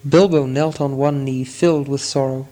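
A man reading a story aloud as audiobook narrator, in a measured storytelling manner. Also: medium pitch, fairly even intonation, dark tone. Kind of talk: scripted narration.

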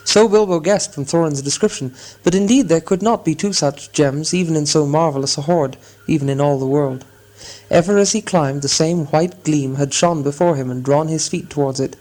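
A man narrating a storybook in a measured, expressive reading style. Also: a little high. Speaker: audiobook narrator.

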